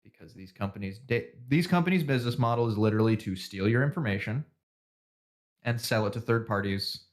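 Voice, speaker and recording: A man with a fairly low voice, talking on a casual podcast. He rants and swears freely and laughs at his own jokes. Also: a little fast. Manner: ranting, swearing, laughing at himself. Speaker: podcast co-host. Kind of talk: casual profane podcast banter.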